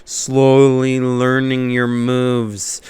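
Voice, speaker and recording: A man's voice: mid-range voice, completely flat delivery, drawn-out words, darkish tone, clear, resonant tone, no echo. A man, a comedian, telling a comic story as a monologue and laughing often at his own jokes.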